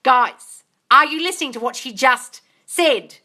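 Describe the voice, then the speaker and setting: High-pitched, bright, and forceful, this woman's voice moves at a measured pace. She is hosting a live-stream Q&A as a manifestation coach, reading viewer comments and giving bubbly answers, with frequent squeals and laughter.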